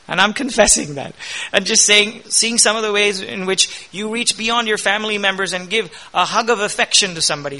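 Bright high-voiced male pastor preaching. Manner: energetic preaching with rising emphasis and quoted scripture. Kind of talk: sermon.

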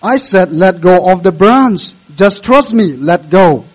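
A man voicing God in a sermon story, calm, reassuring and giving firm instructions. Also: sits high, slow pace, exaggerated voice.

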